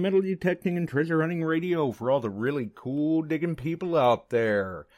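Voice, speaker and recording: A man hosting a live radio show, chatting excitably with big pitch jumps and quick asides. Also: no room sound.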